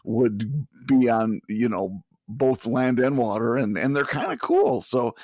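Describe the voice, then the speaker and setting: A man's voice: mid-range voice, sing-song, unhurried, a little mellow, no room sound, studio quality. An older man co-hosting a podcast, chatting casually and rambling with frequent chuckles. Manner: chuckles often, loose rambling delivery. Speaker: podcast co-host. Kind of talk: casual chat.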